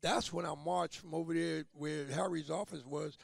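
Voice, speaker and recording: Older man, interview guest, gravelly, high-pitched, animated storyteller, dry close mic. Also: normal speed. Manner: animated storyteller acting out quoted voices. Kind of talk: storytelling in conversation.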